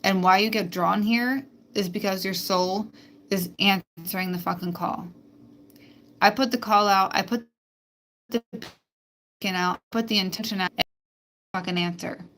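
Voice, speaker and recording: A woman's voice: medium pitch, fairly even intonation, measured pace, pauses often, fairly bright tone. A woman hosting a spiritual live stream, talking bluntly and emphatically with plenty of swearing. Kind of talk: casual live-stream monologue.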